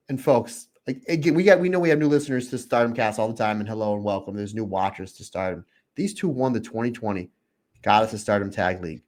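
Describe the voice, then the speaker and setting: Excitable man on a podcast. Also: fairly low pitch, fast. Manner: excited, acts out his own reactions; openly emotional. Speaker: podcast co-host. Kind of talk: casual podcast chat.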